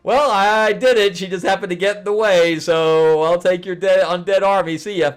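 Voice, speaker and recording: A man's voice: high-pitched, fairly even intonation, normal speed, smooth, pitched above the performer's own voice, natural voice. A man voicing a scheming male sorcerer villain who taunts in a smug, mocking way. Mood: taunting.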